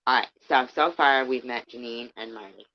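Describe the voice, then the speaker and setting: A woman's voice: very deep voice, normal speed, slight background noise. A woman hosting her channel, reading a book aloud and breaking off into rambling, profane asides. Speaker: channel host. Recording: dull lo-fi dry sound.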